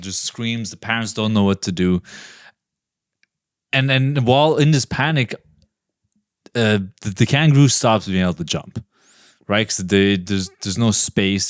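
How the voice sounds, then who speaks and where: Low-voiced rambling podcast storyteller man. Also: no room sound, studio quality. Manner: rambling, profane, tells absurd stories. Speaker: podcast panelist. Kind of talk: casual comedic storytelling.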